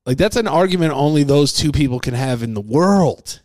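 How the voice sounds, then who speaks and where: A man hosting a comedy podcast, rambling playfully with plenty of swearing and now and then dropping to a hushed voice. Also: on the high side, expressive, brisk, no room sound, studio quality. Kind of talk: improvised comic singing and rambling chat.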